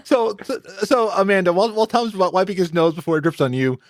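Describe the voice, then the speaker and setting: A man's voice: high voice, lively intonation, fast. A man hosting a podcast interview, often stammering and repeating his words. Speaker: podcast host.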